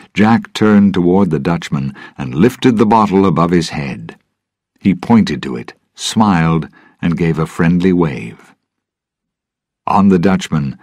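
Deep husky guy reading a story slow for english learners, dry close sound. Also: a little mellow, no room sound. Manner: clear, deliberate. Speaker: narrator.

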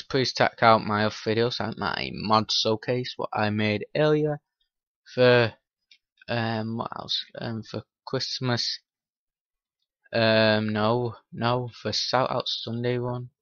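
Slow-talking man, dull dry lo-fi sound. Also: medium pitch, a bit bright, no echo. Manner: mutters to himself and teases game characters, grows irritated. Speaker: gaming channel host. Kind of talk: Minecraft let's-play commentary.

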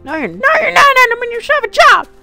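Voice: sing-song, fairly quick, vocal fry, sharp tone, dry recording, soft background music, heavily acted. Gracz udający piskliwą, zrzędliwą matkę potwora. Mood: scolding. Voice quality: high falsetto, nagging. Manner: snappy, dismissive. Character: shrill scolding mother of a child monster.

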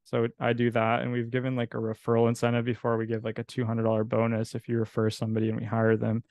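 Man, steady monotone delivery, smooth clear tone, dry close sound, casual podcast guest. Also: mid-range voice, fast talker, no room sound. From California. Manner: relaxed, rambling, with fillers and restarts. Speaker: coffee business owner, guest.

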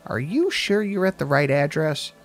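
A man voicing a tiny, stern old woman with a dry, croaking monotone. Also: low voice, moderate pace, soft background music. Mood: stiff, formal. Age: older.

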